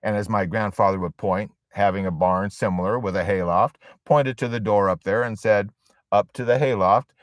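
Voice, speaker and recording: A man delivers a storytelling sermon to a support group in a very low voice. He builds his points with emphatic phrasing and long dramatic pauses. The recording is dry and close. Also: fairly even intonation, no room sound.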